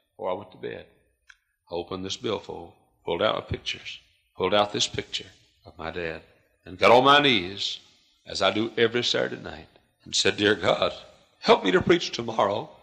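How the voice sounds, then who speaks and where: Gravelly preacher, hushed to shouting. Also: male voice, on the low side. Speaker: pastor. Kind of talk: sermon.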